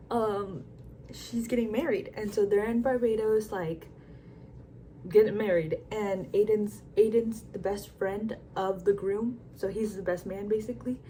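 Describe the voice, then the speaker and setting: A woman's voice: mid-range voice, a little hiss or hum, rough recording. A young woman vlogging about books in a casual, rambling way, full of fillers and swearing. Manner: rambling, filler-heavy, excitable retelling with frequent likes and swearing. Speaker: book vlogger. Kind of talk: casual chat.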